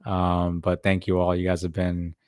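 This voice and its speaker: A man, a guest DJ, talking casually and sincerely in a stream interview, with halting fillers. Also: deep voice, completely flat delivery, darkish tone, smooth, dry recording, clean studio sound. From California.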